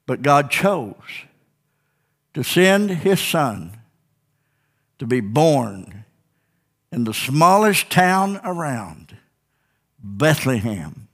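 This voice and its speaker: A man preaches in church in a down-home, old-fashioned way. His voice sits a little high and swings widely up and down as he lingers slowly over each phrase. Every so often he tosses out an "Amen?" to the congregation. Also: very animated. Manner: fervent, folksy preaching with sudden shouts and call-and-response "Amen?". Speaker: pastor. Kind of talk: sermon.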